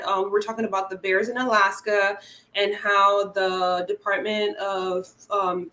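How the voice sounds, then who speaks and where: A woman's voice: mid-range voice, a bit bright, echoey room. A woman hosting a nature livestream, chatting casually with many fillers and small laughs. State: teary burning eye. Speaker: wildlife channel host.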